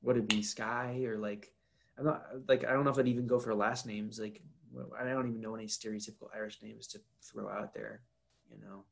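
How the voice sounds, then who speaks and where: A young American man talks in a dry, joking way during a loose podcast chat. His voice has a gravelly fry, and he lets his sentences fade out. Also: lowish voice, fairly even intonation, brisk. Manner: wry, joking, trails off and mumbles. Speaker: podcast guest. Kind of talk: casual chat.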